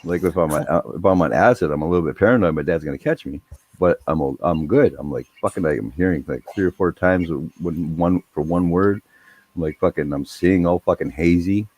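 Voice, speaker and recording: A man's voice: deep voice, brisk, darkish tone, slightly rough. A man telling a rambling, profane story in a laid-back casual chat.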